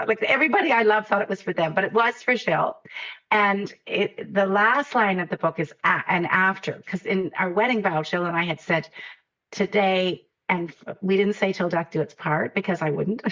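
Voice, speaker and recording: A woman author telling a personal story in a halting, repeating way with frequent laughs, then reading her own poem aloud, heard over a video call. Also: mid-range voice, dull audio. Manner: warm, halting, laughs often, repeats words. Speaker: poet and author guest.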